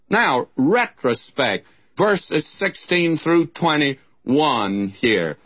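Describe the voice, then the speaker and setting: A man's voice: mid-range voice, husky, dry recording, dull audio. A man teaching a sermon on scripture in an earnest, direct way, speaking straight to his listeners. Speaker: Bible teacher. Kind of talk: radio Bible teaching sermon.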